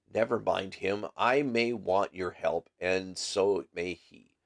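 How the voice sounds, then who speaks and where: A cool-headed detective, read by a man, dry and assured. His voice is low and his pace is slow and deliberate. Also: creaky, heavily acted.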